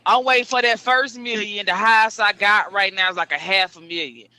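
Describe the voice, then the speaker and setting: A comedian being interviewed, telling stories in an animated, slangy way. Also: male voice, high voice, a little fast, clear, resonant tone, no room sound. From Southern US. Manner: animated storyteller, slangy street talk. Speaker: stand-up comedian guest. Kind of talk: casual interview chat.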